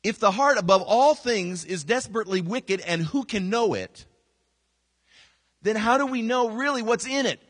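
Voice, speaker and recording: A man's voice: high-pitched, normal speed, dry recording. A man preaching a sermon as a pastor, telling stories with acted-out quotes and repeated phrases. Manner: animated storytelling, acting out quotes and repeating phrases.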